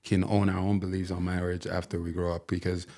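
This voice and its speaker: A man's voice: deep voice, flat delivery, fairly quick, mellow. A man hosting a podcast, asking questions and teasing his guest in a playful, casual way. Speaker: podcast host. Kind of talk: casual chat.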